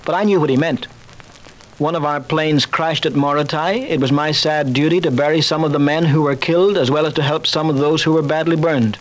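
Older male chaplain, slightly high voice, calm reasoned talk on faith with dry wit. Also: poor audio. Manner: measured and reasoned, with dry wry humor. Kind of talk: recorded talk on faith, told through anecdotes.

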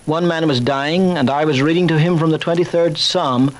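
An older man, a chaplain, giving a measured talk on faith with dry humor and personal stories. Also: on the high side, slight background noise, low-quality recording. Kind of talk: recorded talk on faith, told through anecdotes.

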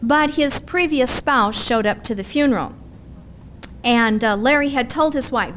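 A middle-aged woman preaching a sermon in a conversational, animated storytelling manner. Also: fairly high pitch, a little slow, slight background noise.

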